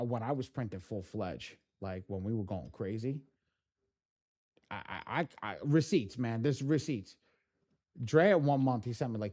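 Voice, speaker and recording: A man hosting a live training class, telling stories in a casual, animated way, swearing freely and often restarting his sentences. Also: medium pitch. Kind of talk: casual live-stream storytelling.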